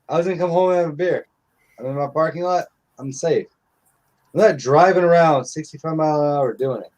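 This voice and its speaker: A man's voice: fairly high pitch, a little fast, darkish tone. A middle-aged man telling stories in casual live-stream chat, blunt and profane.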